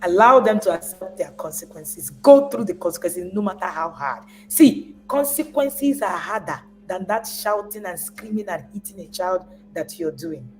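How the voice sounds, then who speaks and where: A woman's voice: on the low side, lively intonation, normal speed, few pauses, soft background music, poor audio. A woman giving a live talk as a parenting coach. She speaks with emphasis, repeats phrases to drive points home, and acts out parents as she goes. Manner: repeats words when stressing a point.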